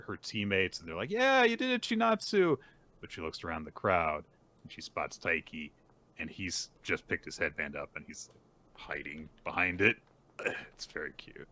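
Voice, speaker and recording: A man's voice: very deep voice, pushed and bright. A man co-hosting a casual podcast, animatedly retelling chapters and acting out the characters' lines. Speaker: podcast co-host recapping manga. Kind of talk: casual chat.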